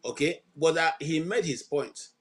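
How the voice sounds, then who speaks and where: A man hosting and moderating a debate, cutting in to calm things and steer. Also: a little high, a little slow, breathy edge, low-quality recording. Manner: calming, interjects to steer. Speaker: host.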